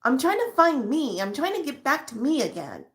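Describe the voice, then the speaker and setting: Middle-aged woman vlogger, fairly high voice, animated emotional storyteller. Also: moderate pace. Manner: emotional, animated retelling with acted quotes. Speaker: spiritual vlogger. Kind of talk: personal storytelling to viewers.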